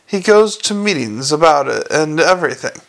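A dutiful young watch captain speaks politely and a little hesitantly, as a man reads him aloud. The voice is slightly raised with a gravelly texture. It suits an audiobook figure, sincere and well-meaning. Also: a little high, animated, fairly bright tone, rough recording. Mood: earnest. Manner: hesitant and dutiful, halting speech.

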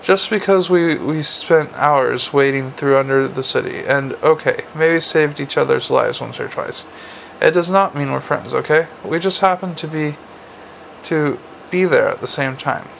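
Man reading a snappy defensive werewolf copper lady, bit raised pitch, gravelly. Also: measured pace, a bit bright, a little hiss or hum, poor audio. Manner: defensive, clipped. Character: blunt, prickly young werewolf policewoman.

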